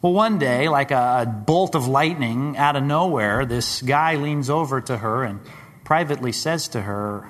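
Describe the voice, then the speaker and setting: A man preaching a sermon, dramatic, rising to loud high questions and dropping to hushed low tones. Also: a little slow, a little hiss or hum. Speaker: pastor. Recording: long hall reverb.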